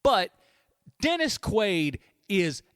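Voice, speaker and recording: A man's voice: high-pitched, drawn-out words, clean tone, dry recording, studio quality. A man co-hosting a casual movie podcast, joking and slipping into mocking voices. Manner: animated, mocking voices in quotes. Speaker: podcast co-host.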